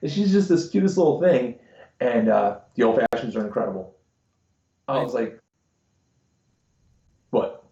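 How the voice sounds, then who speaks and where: A man's voice: mid-range voice, sing-song, a little slow, pauses often, dark tone. A man co-hosting a podcast, swearing freely as he tells stories in casual chat. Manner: crude, swearing storyteller. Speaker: podcast co-host. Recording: dull, roomy live-stream audio.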